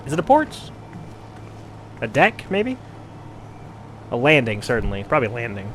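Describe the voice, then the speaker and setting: A man's voice: mid-range voice, wildly swooping pitch, moderate pace, a bit bright, slight background noise. A man hosting a casual game playthrough, chatty and self-deprecating about his character voices. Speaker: gaming channel host. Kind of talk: casual let's-play commentary, reading game dialogue aloud.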